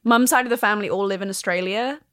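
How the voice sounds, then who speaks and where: A woman in her thirties chats as an interview guest, laughing often and drifting through fillers. Her voice sits at an ordinary pitch and is recorded dry and close, with no room sound. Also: quick pace, fairly bright tone, no room sound. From England. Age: 30s. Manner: giggly, chatty, trails off with fillers. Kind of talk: casual interview chat.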